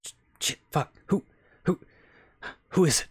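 A man's voice: mid-range voice, expressive, a little fast, fairly bright tone, breathy edge. Man doing a paranoid, jumpy gunman. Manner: jumpy, swearing, stammering. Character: paranoid sweaty male gunman, jumpy and short-tempered.

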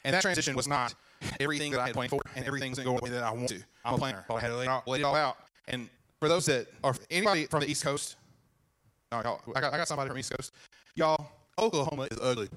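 A man, preaching a sermon as pastor, with animated asides and questions to the congregation. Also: medium pitch, racing, low-quality recording. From Virginia.

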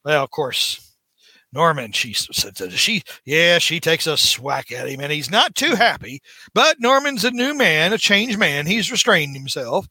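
A man hosts a comics podcast, his voice bright and slightly high, recorded dry and close. He gushes over the story and relishes acting out the villain's lines. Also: very animated, unhurried, slightly rough, no echo. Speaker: podcast host reviewing comics. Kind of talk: enthusiastic casual comic review chat.

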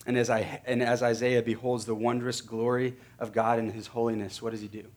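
A man's voice: medium pitch, level tone, a little fast. A man preaching a sermon as pastor, earnest and building to emphatic, repeated phrases.

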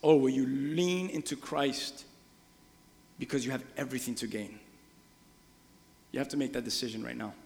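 A man preaching a sermon, animated, acting out voices and shouting the quoted lines. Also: medium pitch, moderate pace, pauses often. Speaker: pastor. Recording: long reverb of a large hall.

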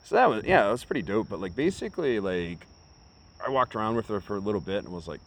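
Fast-talking American man telling stories. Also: lowish voice, expressive. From United States. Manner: rambling storyteller, swears freely. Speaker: podcast co-host. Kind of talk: casual chat. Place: outdoors in a park.

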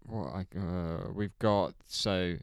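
A man's voice: low-pitched, fairly even intonation, slow, clear, resonant tone, no room sound, studio quality. A man hosting a casual podcast chat, laid-back and chuckling, reading out listener answers with plenty of ums. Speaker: podcast host.

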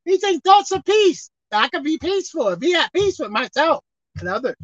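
Woman preacher, high voice with wide swings, emphatic sermon delivery, dry dull recording. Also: very animated, no echo. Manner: emphatic, swinging from loud exhorting to quiet asides, slowing to read scripture.

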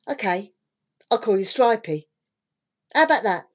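A woman voicing an eager, bold young girl in a storybook reading, with an earnest, excited manner. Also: fairly high pitch, measured pace.

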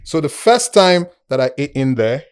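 Nigerian man, animated storyteller, does the voices of people in his tales. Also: on the high side, normal speed, clear, resonant tone. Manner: animated, acts out quoted voices, laughs often. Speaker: guest storyteller. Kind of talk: casual storytelling chat.

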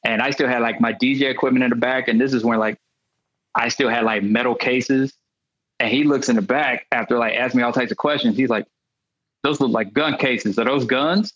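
A male comedian guest telling comic stories in an animated way, acting out the voices of the people in them. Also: mid-range voice, fairly quick, no room sound, lo-fi sound. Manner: animated, acts out quoted voices. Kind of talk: comic storytelling.

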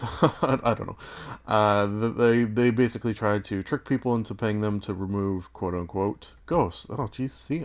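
A man hosting his own podcast, talking in a rambling, self-deprecating way with dry asides, his voice a little hoarse from just waking up. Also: on the low side. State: morning voice, slightly hoarse. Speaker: podcast host. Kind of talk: casual solo media review.

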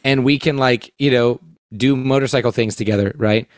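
A man co-hosting a podcast, telling a story in casual chat, halting and full of fillers. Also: medium pitch, steady tone, no room sound. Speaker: podcast co-host.

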